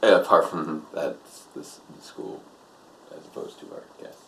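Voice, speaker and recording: A man's voice: rumbling low, expressive, normal speed, vocal fry, fairly bright tone. A young man co-hosting a casual chat, rambling with many fillers and restarts. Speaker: co-host.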